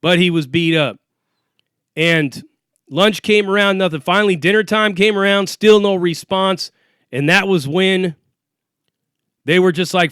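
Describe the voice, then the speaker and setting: High-voiced man telling a prison story. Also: a little slow, pauses often, a bit bright, clear, resonant tone, dry recording, studio quality. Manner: profane, streetwise, acts out quoted dialogue. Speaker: former inmate telling prison stories. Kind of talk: casual storytelling monologue.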